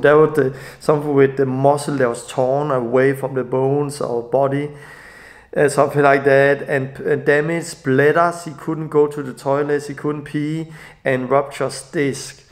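A middle-aged man with a Danish accent telling an emotional personal testimony, halting and often restarting his sentences. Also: a little high. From Denmark. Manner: halting, restarts often, non-native grammar. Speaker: ministry leader.

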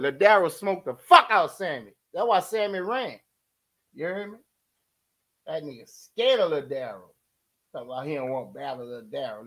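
A man doing loud comic commentary, mocking and taunting. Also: on the high side, poor audio. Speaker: comedy commentator. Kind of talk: loud comic trash talk.

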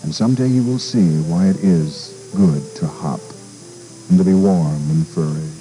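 A man voicing a great silver wolf in a storybook reading, speaking slowly, deliberately and kindly. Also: deep voice, dark tone, faint music behind, voice pushed down, close to an everyday voice, poor audio. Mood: gentle, reassuring.

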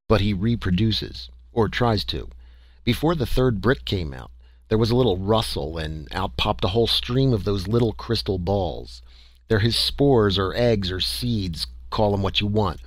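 A man reads a story aloud in a measured, first-person storytelling manner. His voice sits on the low side. It is captured on a close mic with a dry, dead sound. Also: lively intonation, no echo. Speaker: audiobook narrator. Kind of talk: scripted audiobook narration.

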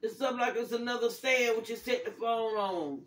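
An older woman hosting a casual gift-opening vlog, thanking viewers warmly and praising God, calling everyone y'all. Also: a little high, fairly even intonation, fairly quick. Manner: religious, praising God often; grateful, calls viewers y'all. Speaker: vlogger. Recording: echoey room, far from mic, faint noise.

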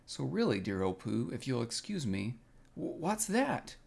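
A man voicing a small, timid male piglet who talks in anxious, hurried excuses. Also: medium pitch, very animated, vocal fry, darkish tone. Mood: flustered.

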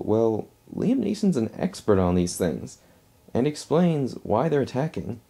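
A man's voice: mid-range voice, big pitch swings, unhurried, mellow. A man giving a casual movie review, rambling and restarting his phrases as he talks at home.

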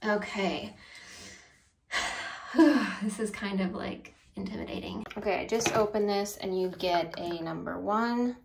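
A woman's voice: mid-range voice, a little slow, gravelly, a little hiss or hum. A woman chatting through a home how-to vlog, self-deprecating and laughing at herself. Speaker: beauty vlogger. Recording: roomy echo, mic at a distance.

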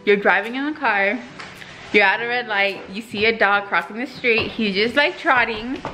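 A woman's voice: a little high, normal speed, bright, forceful tone. A young woman vlogging casually to the camera, chatty and playful, often giggling. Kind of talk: casual vlog chat to camera.

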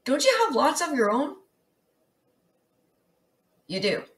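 A woman's voice: high voice, very animated, takes it slowly, echoey room, recorded from a distance. A woman voice actor performing a romantic audio role-play, teasing and incredulous as she questions the listener.

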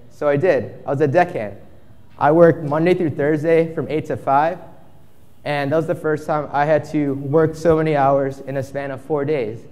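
A man's voice: on the high side, a little mellow, big-room sound. A young man in his twenties giving a casual storytelling talk at a conference, acting out the quotes in his story. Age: 20s. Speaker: conference speaker. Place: conference stage.

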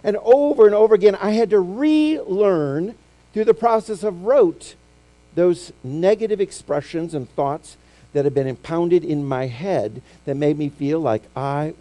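A middle-aged man preaching a sermon, telling stories and acting out quotes, swinging from loud to hushed. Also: on the high side. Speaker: pastor.

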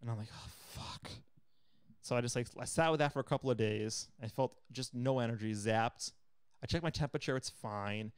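A young man co-hosting a podcast tells a story in casual chat, speaking at medium pitch and a fairly quick pace. His voice is clean, with no echo and studio-quality sound. He's an animated, profane storyteller who swears often and acts out what people said.

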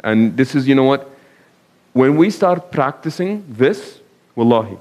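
Giving a conversational talk to a live audience, an imam asks questions, tells anecdotes, and drops in Arabic phrases. He speaks a little slowly, his mid-range voice slightly mellow, with lively intonation.

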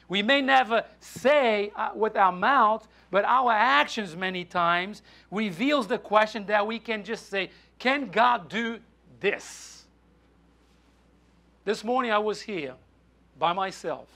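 A man preaching a sermon in a church, halting with frequent restarts and fillers. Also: high-pitched, vocal fry, bright, forceful tone. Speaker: pastor. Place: church sanctuary.

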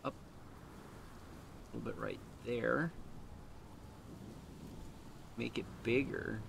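A man's voice: medium pitch, fairly even intonation, extremely slow, vocal fry, noisy background. A man chatting casually while streaming a game from his unfinished basement, laughing often and joking at himself. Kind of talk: casual live-stream chat.

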